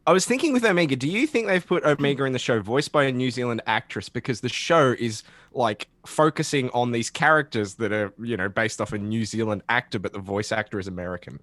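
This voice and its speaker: A man's voice: medium pitch, brisk, a bit bright, no echo. A man co-hosting a podcast, bantering and teasing with goofy asides. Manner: teasing, jumps into goofy impressions. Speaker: podcast co-host. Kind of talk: casual banter.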